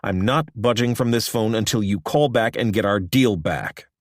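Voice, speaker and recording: A man voicing a furious, hot-tempered middle-aged male executive who shouts and rages. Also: on the low side, expressive, a little slow, dry recording, clean studio sound. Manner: angry, shouting, raging.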